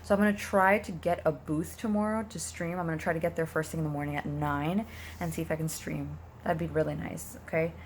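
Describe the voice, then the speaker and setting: A woman's voice: low-pitched, steady tone, brisk, slight background noise. A young woman streamer from Canada, talking casually to her viewers in a rambling way while losing her voice. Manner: chatty, rambling, frequent ums and likes. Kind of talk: casual vlog talk to viewers.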